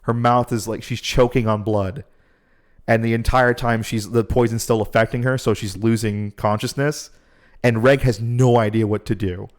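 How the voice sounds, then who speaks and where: A man on a podcast telling a story in a loose, animated way and swearing often. His voice sits at a middle pitch, with nothing unusual in its tone. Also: moderate pace. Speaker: podcast host. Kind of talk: casual chat.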